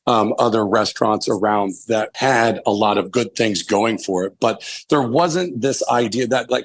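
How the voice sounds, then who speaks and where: A man in his forties, a chef guest telling long candid stories, rambling and swearing freely. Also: on the low side. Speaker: chef and restaurant owner, podcast guest. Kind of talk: casual storytelling interview.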